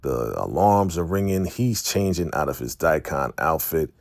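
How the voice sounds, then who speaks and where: A man's voice: a bass voice, expressive, moderate pace, creaky, no echo, clean studio sound. A man casually recapping a TV episode for his viewers, chatty and calling them family. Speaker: recap host.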